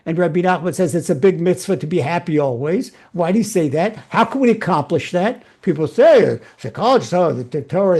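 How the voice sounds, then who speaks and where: A man with a fairly high voice and a gravelly rasp that runs through his speech, with a mellow rather than bright tone. He preaches as a rabbi in an earnest spiritual sermon. He often repeats key phrases for emphasis.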